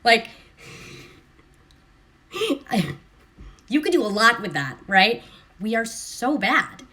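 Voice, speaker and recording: Woman, live-stream host, casual commentary, sarcastic, animated, mimics voices, phone mic. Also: fairly high pitch, slow pace. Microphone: phone camera.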